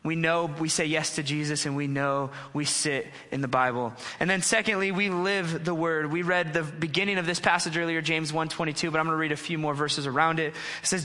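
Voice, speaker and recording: A young man preaching from a stage, with a slightly high, bright and forceful voice. He talks in an earnest, conversational way and pokes fun at himself as he tells stories. The sound carries a long hall reverb. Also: steady tone, a little fast, few pauses. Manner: conversational, earnest, self-deprecating storytelling. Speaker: pastor. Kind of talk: sermon.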